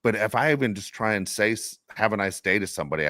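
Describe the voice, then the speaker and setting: A middle-aged man co-hosting a podcast, telling stories in a casual, animated way and laughing often. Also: fairly low pitch, quick pace, dry recording, studio quality. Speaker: podcast co-host. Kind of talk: casual chat.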